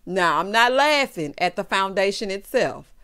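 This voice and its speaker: A woman recapping a reality show in sassy, animated commentary, laughing loudly and calling her viewers honey and child. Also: mid-range voice, normal speed, smooth.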